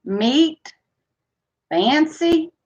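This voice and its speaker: Slow-talking woman hosting stream trivia. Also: high voice, expressive, darkish tone. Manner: chatty, laughs often, reads questions aloud. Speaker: livestream trivia host. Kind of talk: casual live-stream chat. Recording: dull lo-fi stream audio.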